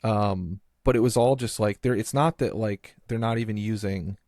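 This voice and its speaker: With a lowish, slightly mellow voice at normal speed, a podcast host rambles through casual conversation, restarting trailed-off thoughts and saying "like" constantly. The studio sound is clean, with no room sound.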